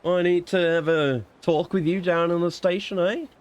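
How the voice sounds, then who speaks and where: A man voicing a gruff, swaggering cop, jokingly. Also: sits high, steady tone, moderate pace, voice pushed up, lightly acted. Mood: mock-tough. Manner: jokey, mocking swagger. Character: gruff male cop with a put-on accent.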